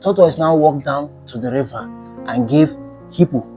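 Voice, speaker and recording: A man telling a folktale in an animated, emphatic way, repeating phrases for effect. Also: a little high, normal speed, faint music behind. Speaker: storyteller. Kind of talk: folktale storytelling.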